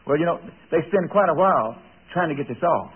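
Husky-voiced folksy preacher. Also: male voice, a little high, lively intonation, brisk. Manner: folksy, chuckling, confiding with audience. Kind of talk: sermon storytelling. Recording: tinny radio broadcast.

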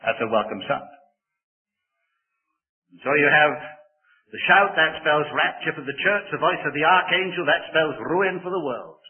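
Emphatic older preacher on a tinny recording. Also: male voice, on the high side, expressive, a little slow, long pauses. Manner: swings between loud emphatic declaiming and quiet asides, jokes with the congregation. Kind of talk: sermon. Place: church. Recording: tinny phone-like sermon recording.

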